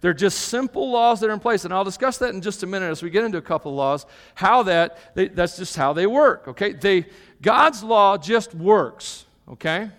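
A man with a high voice preaches a live sermon, emphatic and quick to joke, tagging his points with "okay?". The sound carries the long reverb of a church hall. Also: lively intonation, fairly bright tone. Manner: emphatic, tags points with "okay?", joking asides. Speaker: pastor.

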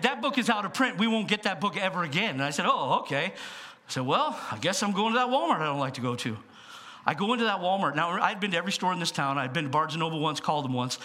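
A man delivers a sermon in a church, his voice pitched high and ringing bright. He tells stories with plenty of energy, sliding from quiet confiding asides up to loud, emphatic bursts. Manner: animated storytelling, jumps between hushed asides and loud bursts. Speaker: pastor.

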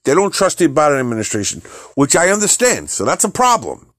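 A man's voice: fairly high pitch, wildly swooping pitch, a little fast, fairly bright tone, no room sound, clean studio sound. A man hosting a podcast, ranting about politics in a heated, profane way, with frequent repeated words and restarts. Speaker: podcast host. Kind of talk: opinionated political rant.

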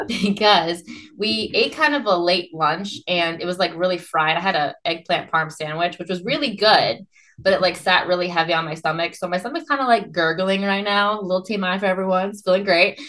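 A woman from New England co-hosting a casual podcast chat, talkative and quick to laugh at herself. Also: fairly low pitch, fairly bright tone. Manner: chatty, laughs often, self-mocking. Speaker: podcast co-host.

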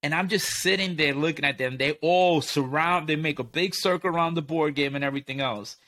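A man's voice: on the high side, brisk, sharp tone. A man and military veteran, chatting casually and telling a long story in a laid-back, profane way, laughing often. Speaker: podcast co-host and veteran.

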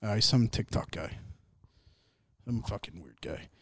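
A man's voice: fairly low pitch, unhurried, gravelly, a bit bright, no room sound, clean studio sound. Profane young man in casual sports chat. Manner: profane, joking, rambling. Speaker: podcast host.

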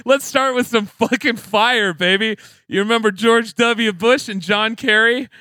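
A young man co-hosting a casual comedy podcast, rambling and excitable, laughing often. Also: sits high, slow pace, smooth, dry recording, studio quality. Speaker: podcast co-host.

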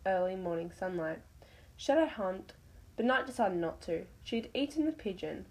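A woman's voice: mid-range voice, a little mellow, low-quality recording. A woman reading her own animal story aloud, stumbling over words now and then.

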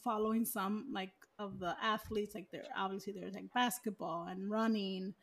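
A woman's voice: mid-range voice, fairly even intonation, normal speed, gravelly. A woman chatting casually, rambling with lots of "like" and "you know". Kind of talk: casual chat.

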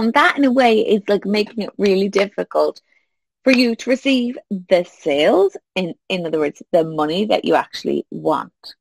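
A woman's voice: mid-range voice, normal speed, creaky, slightly rough, no room sound. A woman, talking casually to listeners as a business coach and acting out little quoted exchanges. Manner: animated, acts out little quoted exchanges with laughs.

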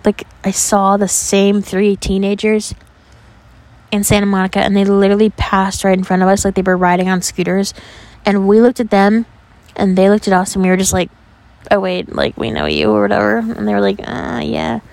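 A young woman from New York, a podcast host, telling stories in a chatty, animated way, full of "like" and casual swearing. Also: medium pitch, normal speed, vocal fry, dry recording. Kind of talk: casual storytelling.

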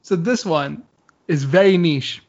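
A man's voice: fairly high pitch, measured pace, highs cut off. A man co-hosting a casual chat, explaining his view at length with lots of fillers. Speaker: podcast co-host.

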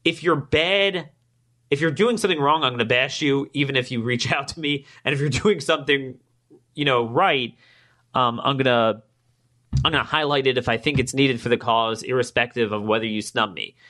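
A podcast host with a bright, forceful tone, speaking in a voice of ordinary height. He leans into his points and goes higher and harder when indignant. He acts out both sides of conversations to tell his story. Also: normal speed. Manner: emphatic, rising in pitch when indignant. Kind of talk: political commentary monologue.

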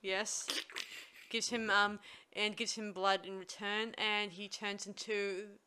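A woman's voice: mid-range voice, little pitch movement, slow pace, pushed and bright, slight background noise. A woman co-hosting a casual film podcast, retelling the plot with many fillers and restarts. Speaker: podcast co-host recapping a film. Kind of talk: casual chat.

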